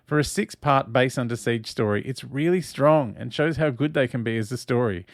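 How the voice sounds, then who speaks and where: Speaking at medium pitch and a moderate pace, this Australian watch-along host reads out chat and comments casually, giggly and camp, laughing often. The recording is dry with clean studio sound.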